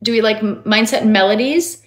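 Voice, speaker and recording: Female mindset coach, livestream host, emphatic, motivational, mid-pitched, in an echoey room. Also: a little fast. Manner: animated, emphatic, talks to viewers directly. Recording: roomy echo.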